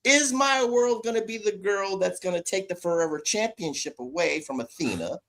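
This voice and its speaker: A man co-hosting a casual wrestling podcast, animated and fond of calling himself by a title in the third person. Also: sits high, normal speed. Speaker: podcast co-host.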